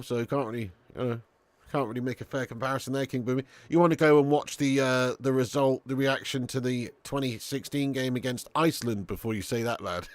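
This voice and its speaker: A man's voice: mid-range voice, dry recording. A young man chatting through a live football watch-along, swearing, bantering and reading viewer comments aloud. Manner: animated, sweary banter, reads chat aloud.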